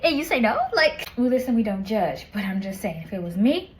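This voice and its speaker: A woman reviewing a book in casual, animated chat, retelling the plot with slang and lots of asides. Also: mid-range voice, brisk, poor audio.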